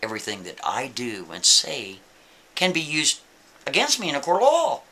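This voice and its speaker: A man voicing a calm, defiant male prisoner who recites his rights in a flat, unbothered way. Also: medium pitch, moderate pace. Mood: calm recital.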